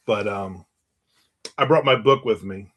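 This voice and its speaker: Speaking at a measured pace, the same writer has a fairly low, somewhat bright voice. On his stream he drifts from story to story in relaxed conversation, reading out and responding to what viewers comment.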